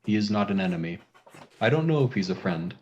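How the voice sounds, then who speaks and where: A man voicing a calm, weary male water dragon in a tabletop game, speaking slowly and solemnly over a dull lo-fi recording. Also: on the low side, a little hiss or hum.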